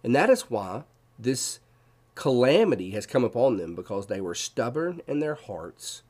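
Husky-voiced man teaching Scripture. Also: mid-range voice, very animated, moderate pace, darkish tone. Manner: explanatory, asks listeners questions. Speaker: Bible teacher. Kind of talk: devotional Bible teaching.

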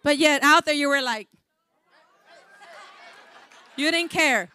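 High, fervent woman preaching. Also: fairly quick, a faint crowd. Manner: fervent preaching, swings from soft to shouting. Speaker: pastor. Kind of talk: sermon.

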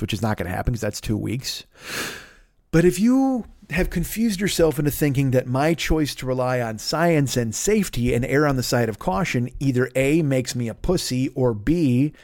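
A man's voice: mid-range voice, a little mellow, dry recording, studio quality. A man hosting a comedy podcast, ranting with sarcasm and heavy swearing and acting out other people in put-on voices. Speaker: podcast host. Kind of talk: profane comedic rant.

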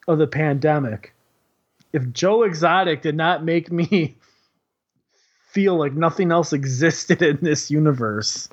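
Rambling, profane man with a slightly high voice. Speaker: kindergarten teacher. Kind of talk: casual storytelling chat. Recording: dull lo-fi recording.

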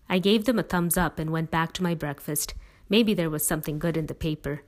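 Low-voiced woman reading a story. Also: steady tone, moderate pace. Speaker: audiobook reader. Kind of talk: first-person storybook narration.

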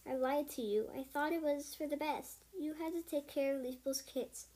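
A woman voicing an old, regretful she-cat spirit in a storybook reading, speaking solemnly and in a measured way. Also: high-pitched, steady tone, dark tone, natural voice.

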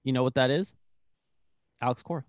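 A young man co-hosting a casual sports chat, excitable and rambling, full of "like". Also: medium pitch, fairly quick, no echo, clean studio sound. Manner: excitable, rambling, heavy use of "like". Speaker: sports podcast co-host.

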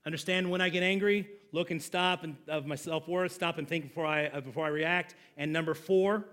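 A pastor in his forties delivers a sermon in a high, ringing voice. He talks directly to his congregation and gets them to call back. He moves from loud, pressing emphasis to low, hushed asides. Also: quick pace, few pauses. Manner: addresses the congregation directly, prompting call and response.

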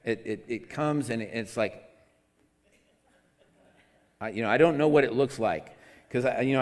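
Guy preaching into a mic, chatty, trips over his words a lot, gets loud then quiet, big echoey hall. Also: medium pitch, moderate pace, long pauses. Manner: conversational, self-deprecating, many restarts, swings between loud and soft. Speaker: pastor. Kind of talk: sermon. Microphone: amplified microphone.

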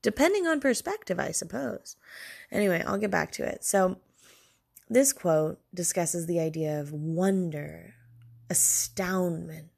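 A woman's voice: fairly low pitch, lively intonation, measured pace, vocal fry, a little mellow, breathy edge. A woman hosting a solo podcast alone in her room late at night, rambling and self-deprecating as she drifts off on tangents.

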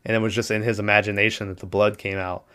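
A young man casually retelling a movie plot on a podcast, animated and swearing freely, acting out the lines. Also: on the low side, fast, clean tone. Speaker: podcast host recapping a movie. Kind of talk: casual chat.

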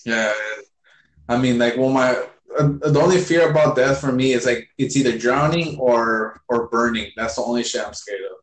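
A man's voice: mid-range voice, normal speed. A young man telling a story in casual chat, rambling with lots of fillers and constant swearing. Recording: echoey room.

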